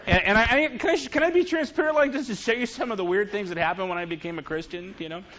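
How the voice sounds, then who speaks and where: A man's voice: high-pitched, fast, a bit bright. A middle-aged man giving a sermon, telling funny, confessional stories to his congregation. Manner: humorous, confessional storytelling to a congregation. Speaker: preacher. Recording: dull lo-fi recording.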